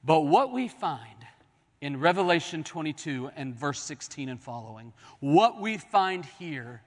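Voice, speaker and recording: A man preaching a sermon as pastor, swinging from soaring declarations to hushed, drawn-out words. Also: on the high side, expressive, long reverb tail. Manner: dramatic preaching, swelling and dropping to near-whispers.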